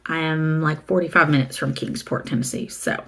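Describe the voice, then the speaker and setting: A woman's voice: sits low, moderate pace, vocal fry, slight background noise. A middle-aged woman from the American South, chatting casually and rambling as she shows a used book haul and reads the titles aloud. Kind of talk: casual chat.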